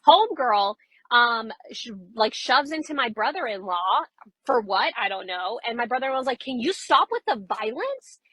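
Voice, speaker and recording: A woman's voice: on the high side, moderate pace, no echo, rough recording. A young woman animatedly retelling a confrontation in a casual storytime, acting out what each person said. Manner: animated retelling, quoting others, rising when upset.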